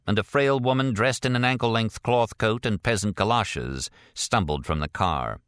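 A man reading a thriller audiobook in a measured, expressive storytelling voice. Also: fairly low pitch, no room sound, clean studio sound. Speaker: audiobook narrator. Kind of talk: scripted narration.

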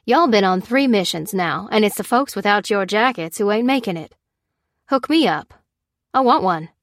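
A man's voice: high-pitched, animated, normal speed, a bit bright, no echo. Woman doing a sly, bitter male medic, folksy talk, dry close sound, audiobook.

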